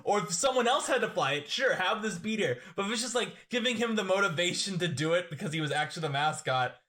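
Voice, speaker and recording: A man co-hosting a podcast, chatting about a film in an animated, jokey way and acting out lines in quick voices. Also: high voice. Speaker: podcast co-host. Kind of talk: casual film discussion.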